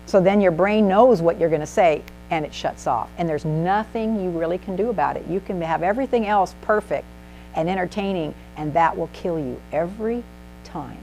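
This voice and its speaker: A woman giving an animated, emphatic presentation to a small group in a meeting room, asking the audience questions as she teaches. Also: on the low side, normal speed, slight background noise, low-quality recording. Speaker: speaker at a speaking club. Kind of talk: instructive presentation.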